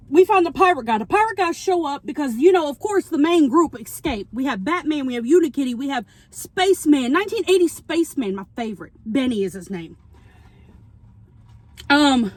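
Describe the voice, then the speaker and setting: A woman vlogs from her parked car on a phone camera, recapping a movie plot while she eats. Her talk is casual, rambling, and animated as she acts out the characters' lines. Her voice sits high, with no room sound.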